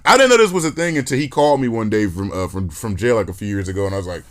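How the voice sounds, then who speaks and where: A man hosting a podcast in casual chat, telling stories in an animated, joking, profane way. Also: mid-range voice, very fast, hardly any pauses. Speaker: podcast host.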